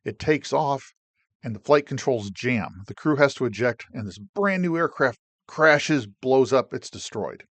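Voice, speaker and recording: Middle-aged man, ex-Navy storyteller, lively and heartfelt, medium pitch, dry close sound. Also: a little slow, no echo. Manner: animated, emotional retelling with swearing and restarts. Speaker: Navy veteran telling his own stories. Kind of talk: casual personal storytelling.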